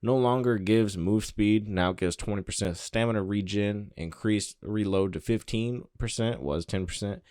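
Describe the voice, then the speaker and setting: A man hosting a gaming channel, reading patch notes aloud and dropping quick offhand asides between the items. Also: fairly low pitch, clean tone, no room sound, clean studio sound. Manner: offhand, reads in flat bursts with quick asides. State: out of breath.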